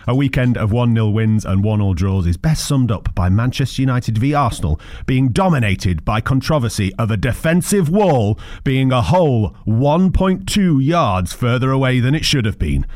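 A man's voice: mid-range voice, animated, moderate pace, hardly any pauses, darkish tone, no echo, clean studio sound. A man hosting a football podcast, with wry, teasing banter. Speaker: podcast host. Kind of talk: casual football podcast chat.

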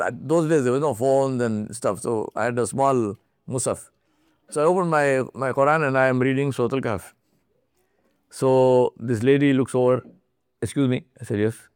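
A man giving a storytelling talk on religious topics, animated, often laughing as he speaks and restarting his sentences. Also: mid-range voice, measured pace, smooth, no echo, studio quality. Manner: animated, laughs often while telling stories; frequent restarts and repeated words.

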